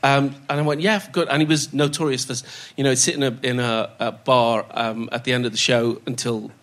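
An older man, a guest on a podcast, tells anecdotes, laughing along and imitating the voices of those he quotes. His voice is medium-pitched and a bit bright, brisk, with little rise and fall.

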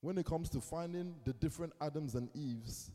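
A young male pastor preaching a sermon, telling a story with acted quotes and swinging between hushed asides and loud bursts. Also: fairly high pitch, moderate pace. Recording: long reverb in a hall.

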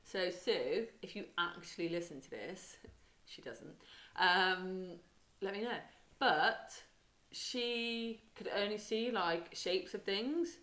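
A woman's voice: medium pitch, slow pace, fairly bright tone. A young woman co-hosting a podcast, rambling through stories in a casual chat and calling her co-host mate. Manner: chatty, rambling storyteller, says mate a lot. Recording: echoey room.

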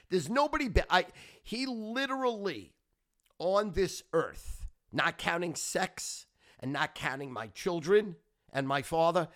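Brief: middle-aged male podcast host, brash and profane, bright voice with lively swings in pitch. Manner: brash, profane, boastful and excitable. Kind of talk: casual storytelling monologue.

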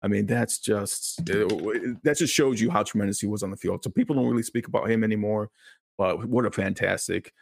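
A man's voice: on the low side, a little fast, creaky, a little hiss or hum. A man from Chicago co-hosting a podcast, talking sports with enthusiasm and frequent restarts. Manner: enthusiastic, repeats words when excited. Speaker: podcast co-host. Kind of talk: casual sports chat.

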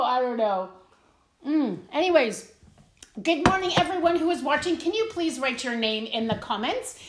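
A woman's voice: high voice, roomy sound, slight background noise. A middle-aged woman hosting a casual devotional live stream from home, chatty and laughing, with many fillers. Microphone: camera at home, seated.

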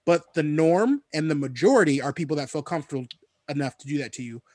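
A man's voice: on the high side, fast, no room sound, clean studio sound. Emphatic podcast host, man. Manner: animated, emphatic, joking. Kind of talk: casual podcast conversation.

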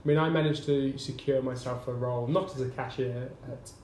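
A man's voice: mid-range voice, steady tone, a little fast, a little mellow. Man, thirties, casual podcast co-host, laid-back and teasing, roomy echo, faint background noise. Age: 30s. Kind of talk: casual chat. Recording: echoey room, faint noise.

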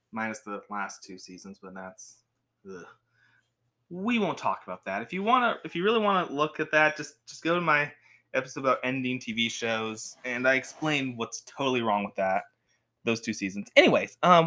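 A woman's voice: extremely low pitch, fairly bright tone. A woman rambling casually to camera as a vlogger, chatty and jokey, full of asides and self-corrections. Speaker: vlogger reviewing movies and TV.

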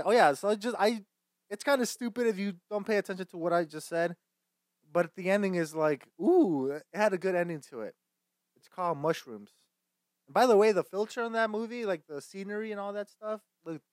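A man's voice: on the high side, no echo, clean studio sound. A young man hosting a casual movie chat, swearing often, rambling, and laughing between lines. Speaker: host.

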